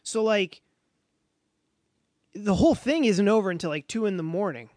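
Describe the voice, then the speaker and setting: High-voiced man rambling in casual chat. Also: expressive, normal speed, a little mellow, dry recording, studio quality. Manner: rambling, lots of fillers. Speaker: podcast co-host.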